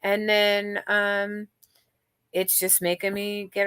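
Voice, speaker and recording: A woman's voice: medium pitch, monotone, slow, a bit bright, clear, resonant tone, dry recording, studio quality. A middle-aged woman hosting a livestream and chatting casually with viewers, rambling and candid, with many fillers and restarts. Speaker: livestream host. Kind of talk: casual chat with live chat viewers.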